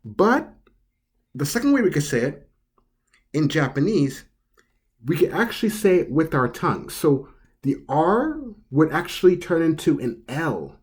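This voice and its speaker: A channel host giving a slow pronunciation lesson, explaining step by step and repeating each word several times with care. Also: medium pitch, big pitch swings, darkish tone, breathy edge. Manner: explains step by step in plain words. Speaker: language teacher.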